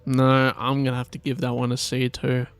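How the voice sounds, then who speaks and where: Podcast cohost guy, smooth clear voice, rambly and chill, drops the odd swear. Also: mid-range voice, normal speed, soft background music. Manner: relaxed, rambling, swears casually. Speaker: podcast co-host. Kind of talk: casual chat.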